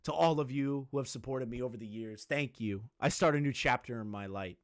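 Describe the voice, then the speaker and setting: A man voicing a sincere male online forum poster in a mock-earnest tone, a bit lower than his usual voice. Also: brisk, no room sound, studio quality, close to an everyday voice.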